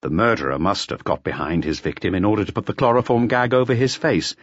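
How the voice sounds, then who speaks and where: A man reading a crime novel aloud in a measured, expressive storytelling manner. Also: lowish voice, dry recording. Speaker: audiobook narrator. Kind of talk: scripted narration. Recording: dull lo-fi audio, dry.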